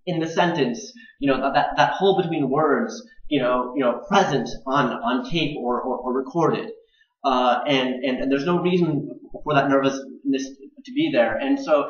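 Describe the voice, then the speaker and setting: A young man in his twenties speaks in a personal video blog, stuttering often and repeating words and syllables. His delivery is earnest and grows more intense as he goes on. The sound is echoey and dull, like a home recording in a bare room. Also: mid-range voice. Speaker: video blogger.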